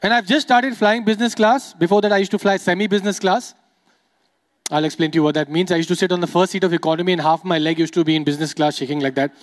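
High-voiced chatty stand-up comedian. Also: male voice, steady tone. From Dubai. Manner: quick, chatty, playful crowd work.

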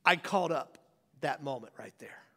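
A male pastor preaching a sermon, swinging from raised declarations to hushed near-whispers. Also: on the high side, lively intonation, normal speed. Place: church sanctuary. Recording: church hall reverb.

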